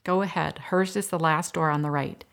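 A woman voicing a brisk male nurse. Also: on the high side, fairly even intonation, creaky, fairly bright tone, clean tone. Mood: businesslike.

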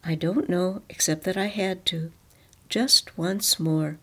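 A dead father's spirit speaks in a solemn, quiet voice, read by a woman in her own voice. The tone is slightly raised and a touch louder than the telling around it, with a gravelly edge. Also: fairly low pitch, steady tone, takes it slowly, exaggerated voice. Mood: wistful.

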